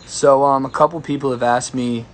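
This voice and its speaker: Young male singer-songwriter, casual and rambling, mid-pitched, phone livestream chat. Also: fairly even intonation, moderate pace, slight background noise. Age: young adult. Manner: rambling and easygoing, greeting viewers by name. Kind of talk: casual livestream chat answering viewer questions.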